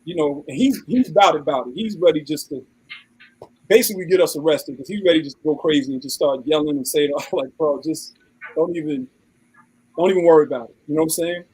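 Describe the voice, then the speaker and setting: A man's voice: on the high side, fast talker, slightly rough, poor audio. A man, telling a story in casual chat and acting out the people in it. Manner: animated, acts out quoted voices. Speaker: podcast co-host.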